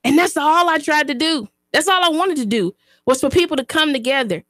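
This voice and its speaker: A high-pitched woman, talking into a studio microphone on her own radio show. She speaks with emphatic, preacher-like repetition. The sound is close and dry. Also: animated, fairly quick, a bit bright, dry recording. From Chattanooga, Tennessee, US. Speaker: radio show host and community activist. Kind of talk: impassioned talk radio monologue.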